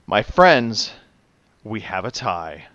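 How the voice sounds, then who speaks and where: A man hosting a podcast quiz, his voice bright and forceful, recorded close and dry. He reads out questions carefully and cheers the answers on. The audio is a bit dull and lo-fi. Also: fairly low pitch, big pitch swings, no room sound. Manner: upbeat quizmaster, reads questions slowly and clearly. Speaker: podcast host running a quiz. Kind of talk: casual podcast chat.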